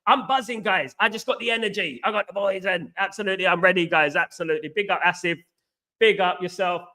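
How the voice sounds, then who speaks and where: A man from East London with a Cockney accent, hosting a live football reaction chat, excitable and greeting viewers by name while repeating his stock phrases. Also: sits high, quick pace. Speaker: host of a football reaction livestream.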